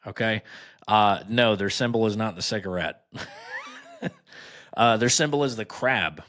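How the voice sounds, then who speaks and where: A man's voice: fairly low pitch, wildly swooping pitch, a little slow, fairly bright tone. A man hosting a podcast, reading items aloud and riffing on them with mocking, sarcastic asides. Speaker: podcast host. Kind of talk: casual sarcastic commentary.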